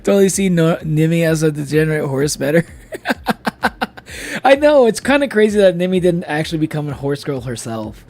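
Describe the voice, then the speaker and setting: A man's voice: a little high, very animated, moderate pace, darkish tone. A man streaming live in casual chat, a little tipsy from drinking, who laughs often and swears freely.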